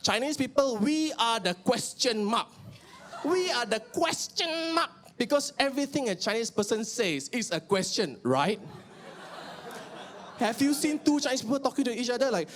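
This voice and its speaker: A young Malaysian man with a Malaysian accent performing an animated stand-up comedy set on stage, shouting out punchlines. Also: very high-pitched, moderate pace, a crowd in the background, background noise. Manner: animated, switches into mimicked relatives and bursts of shouting. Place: live comedy venue with audience.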